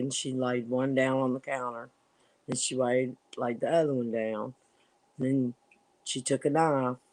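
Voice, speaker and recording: A man's voice: medium pitch, a little mellow, no echo. A middle-aged man on a casual livestream, telling family stories in a folksy way and laughing often. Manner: slow, laughing, folksy storyteller. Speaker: livestream co-host. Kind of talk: casual chat and storytelling.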